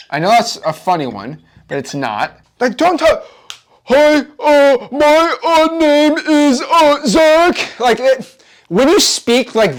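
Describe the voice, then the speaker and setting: Animated, hyped-up male wholesaling coach. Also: high-pitched. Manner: animated, repetitive, hyped-up motivational delivery. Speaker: real estate wholesaling coach. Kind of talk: energetic coaching lecture.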